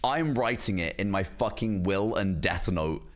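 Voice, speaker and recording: A man's voice: deep voice, animated, unhurried. A British man streaming a reaction to a video, incredulous and mocking, with some swearing. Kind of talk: casual reaction commentary.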